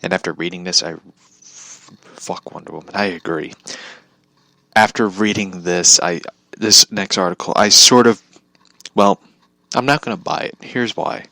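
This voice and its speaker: A man's voice: low-pitched, unhurried, pauses often, pushed and bright, no echo. A young man talking casually in a rambling vlog monologue, laughing often, swearing and restarting his sentences. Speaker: vlogger.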